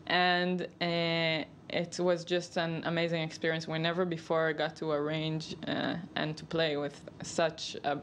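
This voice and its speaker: A woman's voice: low-pitched, flat delivery, measured pace, hardly any pauses. A woman musician with an Israeli accent, chatting in an interview, often laughing and restarting her sentences. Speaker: musician guest. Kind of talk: casual interview chat. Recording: faint background noise.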